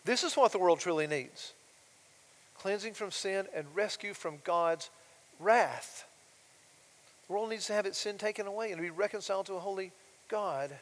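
A man preaching a sermon as pastor, swinging from loud emphatic declarations to soft quiet asides and asking rhetorical questions. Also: sits high, normal speed, pauses often. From United States. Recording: long reverb of a large hall.

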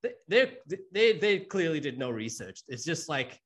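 A man's voice: on the high side, big pitch swings, normal speed. A young adult man, a guest chatting casually on a podcast, agreeable and loose with his swearing.

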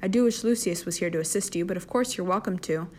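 A haughty aristocratic matriarch, read by a woman. She speaks in a soft, icy, slightly low and mellow voice. It is a storybook reading. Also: fast, a little hiss or hum, lightly acted. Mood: cool.

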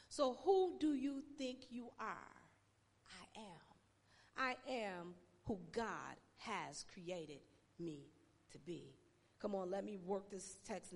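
A woman pastor preaching a sermon with emphatic pauses and shouted exclamations, her voice sounding tired. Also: medium pitch, slightly rough, long reverb tail.

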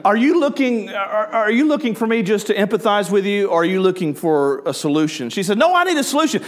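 Middle-aged male pastor, conversational sermon delivery, slightly high voice, engages the congregation with questions. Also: a little fast, slight background noise. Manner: conversational, asks the audience questions, animated storytelling. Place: church before a live congregation.

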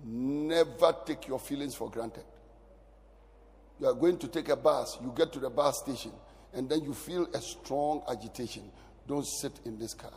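A man preaching a sermon as pastor, his delivery swinging from loud bursts to near whispers. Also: medium pitch, normal speed. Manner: animated preaching, sudden loud rises and drops to near whisper. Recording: long hall reverb.

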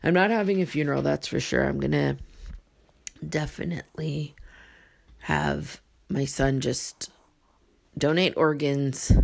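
A woman's voice: extremely low pitch, gravelly, darkish tone. A woman in her forties chatting casually and teasingly to the camera as a mother. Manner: playful, laughing, teasing. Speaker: vlogger, mother. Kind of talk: casual chat.

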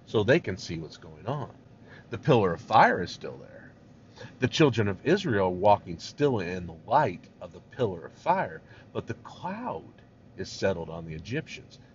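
A male pastor teaches through a scripture passage, his pitch lively and swinging. His style is chatty and animated. The recording sounds dull and lo-fi, with a faint hiss beneath. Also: moderate pace. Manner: animated, conversational, acts out voices. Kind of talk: expository sermon.

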